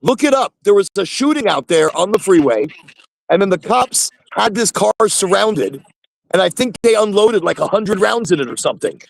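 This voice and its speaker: A man's voice: high-pitched, sing-song, normal speed, creaky. A man hosting a casual live chat from his phone in his truck, rambling and repeating himself. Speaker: host.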